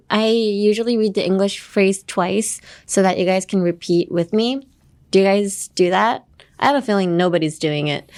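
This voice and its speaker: Woman, podcast English teacher, playful and teasing, bilingual asides. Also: medium pitch. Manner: playful, teasing, laughs often; switches between English and Japanese.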